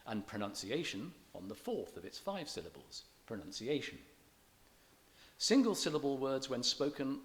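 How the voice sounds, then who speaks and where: A man giving a public lecture on reading poetry. He explains in a measured way, with dry self-deprecating humour. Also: medium pitch. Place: church event.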